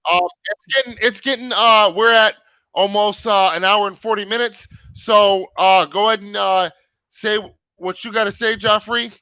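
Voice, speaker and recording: A man's voice: high-pitched, fairly even intonation, normal speed, pushed and bright, smooth, no room sound. A young man hosting a casual livestream over a video call, talking emphatically and swearing often. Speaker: livestream host. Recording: dull lo-fi stream audio.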